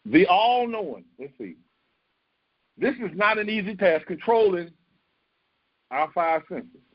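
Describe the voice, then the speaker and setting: A man's voice: high voice, animated, unhurried, dry recording, dull audio. A man preaching a sermon as pastor, talking in an emphatic, conversational way that repeats phrases for stress.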